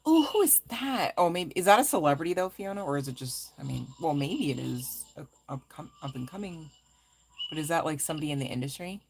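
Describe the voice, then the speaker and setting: A woman's voice: deep voice, expressive, brisk, darkish tone, breathy edge. A woman tarot reader chatting casually on a live stream, affectionate with viewers and laughing often as she talks. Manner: laughs often mid-sentence.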